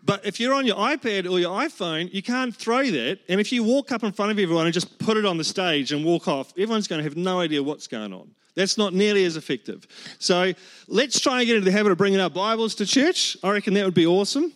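A man's voice: high-pitched, lively intonation, quick pace, a bit bright. A man, preaching a humorous sermon and telling stories with acted-out quotes. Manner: joking, storytelling with acted-out quotes. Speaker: pastor.

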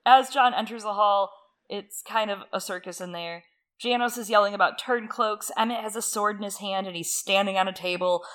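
A woman co-hosting a podcast, recapping a book in casual chat with animated, jokey asides. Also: mid-range voice. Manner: animated, chatty, quick asides and jokey quoted voices. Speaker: podcast co-host.

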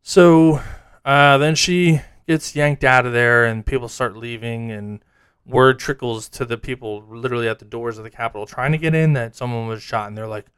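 A man's voice: medium pitch, moderate pace, clear, resonant tone, no echo. A man chats casually and tells a story with animation, slipping into the voices of the people he describes. He sits close to the mic in a dry space, with a mid-range voice. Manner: animated storyteller acting out quotes. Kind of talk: casual chat.

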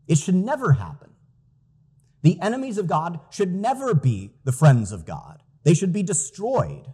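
Male pastor, sermon delivery, earnest emphasis, slightly high voice with a mellow tone. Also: slightly rough. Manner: earnest preaching with lively emphasis and quotes.

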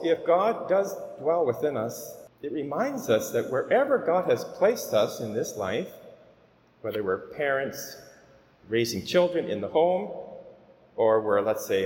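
A man preaching a homily at Mass as a priest, speaking in an earnest, gently exhorting way. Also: medium pitch, slight background noise. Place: church. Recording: echoey church with long reverb.

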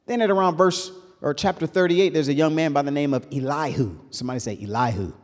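A man preaching a sermon in an animated call-and-response style. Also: fairly high pitch, a little fast. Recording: reverberant hall.

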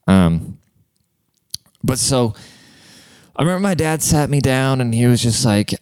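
A man's voice: mid-range voice, lively intonation, unhurried, long pauses, a little mellow, smooth, no echo. A young man telling stories on a podcast, rambling and swearing, often breaking into laughs. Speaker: podcast host. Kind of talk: casual podcast monologue.

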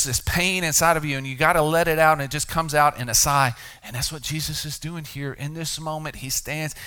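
A middle-aged man, a pastor, preaching a sermon in a conversational way, slowing for dramatic pauses and dropping his voice for emphasis. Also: fairly high pitch, sharp tone, smooth.

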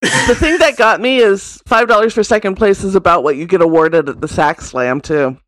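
A man's voice: high voice, moderate pace, a bit bright, poor audio. A man in a casual podcast chat about a film, making wry, teasing asides. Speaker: podcast co-host.

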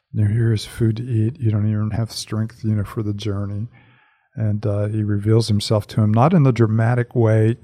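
Low gravelly man reading scripture. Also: mellow. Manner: unhurried, hesitant with fillers when speaking freely. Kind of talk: prayer and scripture reading with reflection.

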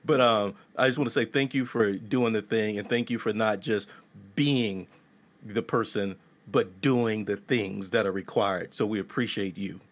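A man hosting a casual talk show, animated and jokey, repeating his thanks. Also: lowish voice, normal speed. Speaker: show host.

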